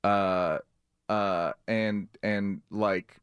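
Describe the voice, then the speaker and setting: A man's voice: lowish voice, very slow, smooth, no room sound, studio quality. A man guest on a radio talk show, telling stories with lots of fillers and acting out quotes. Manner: animated storyteller, fillers, acts out quotes. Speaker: comedian guest. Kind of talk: casual radio chat.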